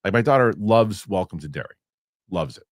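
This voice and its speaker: A man's voice: lowish voice, lively intonation, fairly quick, no room sound, clean studio sound. A man hosting a casual movie chat show, talking. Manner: rambling with many restarts. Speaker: host.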